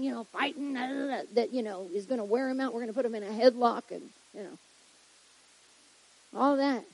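Warm, husky-voiced woman preaching. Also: on the high side, rough recording. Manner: conversational, checks in with listeners with "right?"; acts out little quoted exclamations. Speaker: pastor. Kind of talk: sermon to church leaders.

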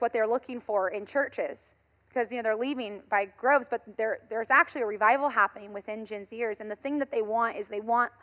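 A pastor in her thirties with a fairly high voice preaches a conversational sermon, telling stories with animation and often breaking into laughter.

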